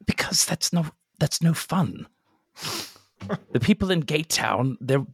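A man's voice: on the high side, animated, slow, breathy edge, dry recording, studio quality, pitched above the performer's own voice, full character voice. A man voicing a reckless young man who coaxes his younger brother into mischief, in a tabletop game. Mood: coaxing. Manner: breezy, coaxing, persuasive.

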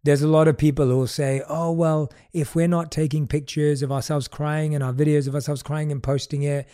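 A man's voice: fairly high pitch, flat delivery, brisk, warm tone. A man hosting an interview, asking reflective questions and giving short affirmations. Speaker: podcast host. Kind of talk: interview conversation.

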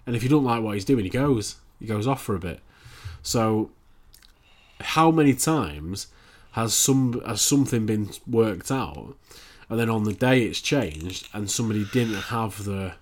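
A man in casual chat as a podcast co-host, relaxed, with loose phrasing and restarts. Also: fairly low pitch, measured pace.

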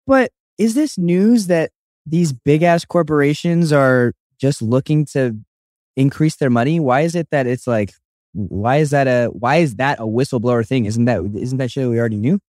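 A man's voice: medium pitch, normal speed, a little mellow, dry recording, clean studio sound. A young man co-hosting a podcast, rambling and joking in casual chat, swearing freely. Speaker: podcast co-host.

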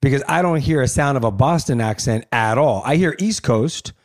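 A man from Los Angeles co-hosting a casual interview, relaxed and laughing along. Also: mid-range voice, moderate pace.

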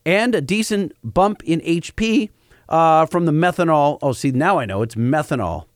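Easygoing male co-host, slightly higher voice, dry close recording. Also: normal speed, dry recording. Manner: relaxed, conversational, explains technical points. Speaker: podcast co-host. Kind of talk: casual chat reading listener mail.

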